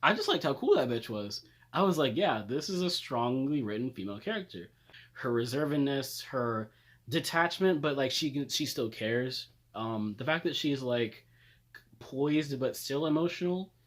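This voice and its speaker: A young man ranting comedically about favorite characters, swearing, laughing and talking dramatically. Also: measured pace. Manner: animated, swearing, laughing, dramatic jumps up in pitch. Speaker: video creator reviewing characters. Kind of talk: comedic casual rant.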